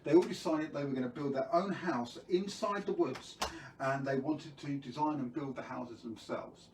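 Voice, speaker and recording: A man's voice: medium pitch, moderate pace, echoey room, recorded from a distance, background noise. Playful man telling a kids' story. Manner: playful, jokey, quizzes the viewers. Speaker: children's storyteller. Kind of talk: live-streamed story time for kids.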